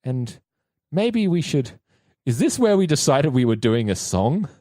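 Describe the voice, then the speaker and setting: A woman in her thirties hosting a podcast, chatting casually with jokey deadpan asides. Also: extremely low pitch, measured pace, dry recording, studio quality. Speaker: podcast host. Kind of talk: casual chat.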